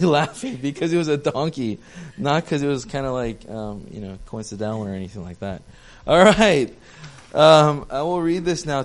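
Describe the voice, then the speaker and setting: A young male pastor giving a casual, chatty sermon, joking with his congregation and poking fun at himself. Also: a little high. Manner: chatty, self-deprecating, talks with the audience.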